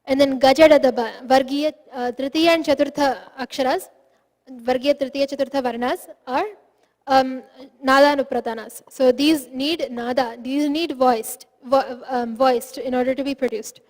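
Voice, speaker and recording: High-voiced woman teaching phonetics, echoey. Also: steady tone, moderate pace, darkish tone. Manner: patient, explains step by step, demonstrates syllables aloud. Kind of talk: online class explanation.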